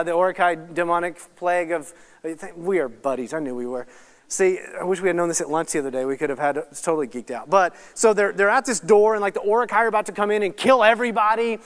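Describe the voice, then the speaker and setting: An animated man leads a Bible study in a lively teaching style. His voice sits high, and his delivery swings between hushed, earnest lines and loud, rapid, excited asides. The sound carries the long reverb of a hall. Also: clear, resonant tone. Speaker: guest speaker at a Bible study. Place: church hall or meeting room.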